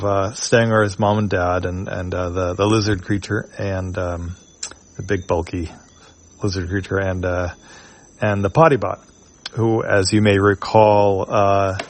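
Low-voiced man reading a comic aloud. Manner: casual, many fillers, describes panels. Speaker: comic reader.

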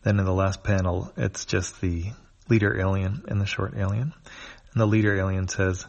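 Man, low voice, reading a comic aloud, unhurried, describes each panel. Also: fairly even intonation, gravelly, darkish tone, highs cut off. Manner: unhurried, with frequent fillers and restarts. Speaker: comic strip reader.

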